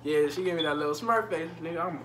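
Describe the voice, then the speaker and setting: A man's voice: a little high, fast, noisy background. A young man telling a profane, slangy story in a casual vlog and joking directly with his viewers. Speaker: storytime vlogger.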